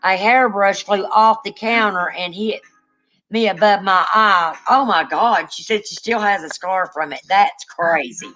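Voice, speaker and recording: A woman's voice: mid-range voice, a little slow, a bit bright, lo-fi sound, soft background music. An older woman with a grandchild, chatting casually on a live stream, rambling, trailing off and yawning. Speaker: co-host.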